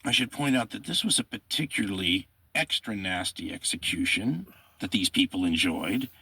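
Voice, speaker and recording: A man's voice: low voice, lively intonation, moderate pace, vocal fry, pushed and bright, slightly rough, no room sound. A man narrating history, reading primary sources aloud with commentary and quoting in a dramatic, rising voice.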